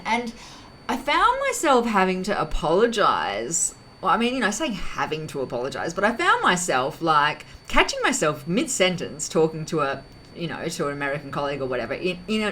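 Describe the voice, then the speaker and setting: A woman talks to camera in a loose, wandering monologue, stopping to correct herself and reach for words. Her voice sits low for a woman but swings widely in pitch. Faint background sound sits under her voice. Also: bright, forceful tone, slight background noise, low-quality recording. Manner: rambling, self-correcting, heavy use of fillers. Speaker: vlog host. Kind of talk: casual reflective monologue.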